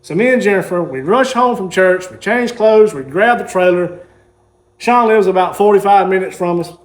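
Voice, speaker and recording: A man's voice: high voice, moderate pace. A man, casually telling a rambling story while showing his car collection. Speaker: car hobbyist host.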